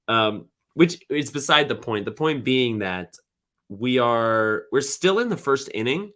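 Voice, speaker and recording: A man's voice: mid-range voice, animated, moderate pace, a bit bright. A man hosting a podcast, talking casually on his own with frequent fillers and restarts. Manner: conversational, many fillers and restarts. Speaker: podcast host. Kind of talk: casual solo commentary.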